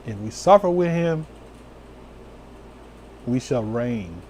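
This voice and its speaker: A man preaching as an elder, reading scripture slowly and talking casually with his listeners. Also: medium pitch, expressive, a little mellow, slight background noise. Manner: slow, drawn-out scripture reading with sudden whoops and laughs; casual, talks to viewers live.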